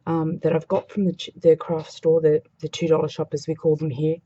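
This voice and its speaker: A woman's voice: deep voice, monotone, a little fast, warm tone, slightly rough, muffled recording. A woman demonstrating a craft project in a chatty, casual way, thinking aloud as she works. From Australia.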